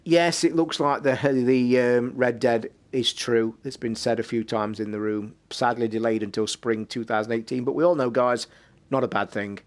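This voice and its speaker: A British man hosting a live stream, telling a rambling story in a casual, swear-filled way. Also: mid-range voice. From United Kingdom. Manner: swears constantly, rambling and animated. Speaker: streamer and podcast host.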